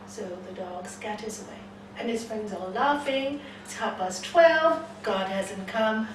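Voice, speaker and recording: Telling a story during a spiritual talk, a woman who teaches yoga acts out each character's voice with animation. She has a high voice and a moderate pace. The sound comes from a distant room mic in an echoey hall, heard from afar amid noisy ambience.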